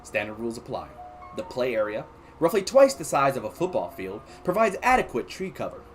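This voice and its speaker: A man reading an interactive story aloud on a casual stream, with a very lively, swooping pitch. He narrates and chats with viewers in an animated way while faint music plays behind him. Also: a little fast. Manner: animated, chatty. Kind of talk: casual livestream read-aloud.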